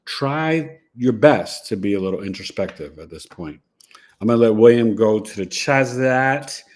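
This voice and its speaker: A man's voice: on the low side, lively intonation, a little slow, darkish tone. A middle-aged man hosting a live astrology stream, talking in a loose, chatty and playful way. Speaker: astrology show host.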